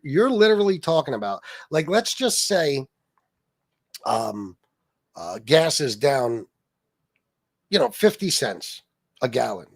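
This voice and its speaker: A middle-aged man hosting a political livestream, ranting angrily and sarcastically with plenty of swearing while answering his chat. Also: fairly high pitch. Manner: angry, profane, sarcastic, talks to chat. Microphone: streaming mic.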